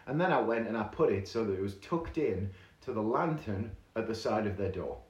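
A man hosting a podcast, telling a story in a chatty, animated way with casual fillers. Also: fairly low pitch, brisk. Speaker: podcast host. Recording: echoey room.

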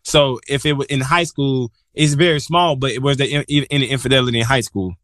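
A man's voice: mid-range voice, fairly even intonation, a little fast, fairly bright tone, dry recording, studio quality. A man hosting a podcast, talking casually and earnestly, repeating phrases for emphasis. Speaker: podcast host.

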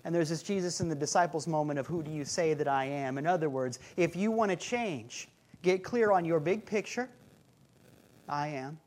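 A man's voice: on the high side, fairly quick, darkish tone. A man preaching a sermon as a pastor, telling stories with humor and driving points home through repetition. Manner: conversational, humorous storytelling with rhythmic repetition.

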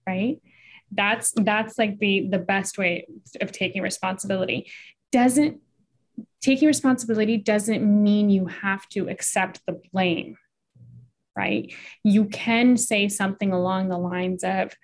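A woman's voice: medium pitch, steady tone, a little slow. A woman therapist explaining couples communication in casual conversation, with frequent fillers and restarts. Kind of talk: casual podcast chat.

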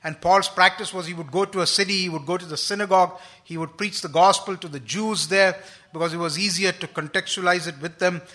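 Male preacher, sermon, high voice, bright tone, thoughtful, pauses and restarts. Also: fairly even intonation. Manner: unhurried, thoughtful, frequent fillers and restarts.

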